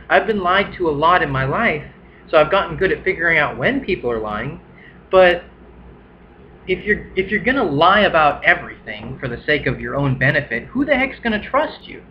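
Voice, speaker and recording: A man's voice: very animated, normal speed, a little hiss or hum. Young man, casual vlog monologue, restarts a lot, muffled lo-fi sound. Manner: rambling, restarts often, acts out quoted people in a high voice. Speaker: vlogger.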